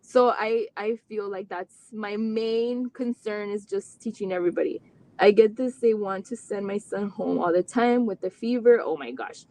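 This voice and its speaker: Speaking at medium pitch and a moderate pace over a little hiss or hum, a woman shares her family's story as a parent guest in a live interview. She is sincere and heartfelt, her sentences stretching on with many "like" fillers, and retold conversations bring out an animated side.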